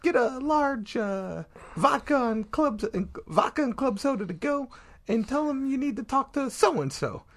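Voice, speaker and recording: A man doing an impression of a small-time bookie who gives orders in a high, pinched voice. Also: lively intonation, measured pace, exaggerated voice. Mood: bossy. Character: small-time male bookie, bossy and squeaky.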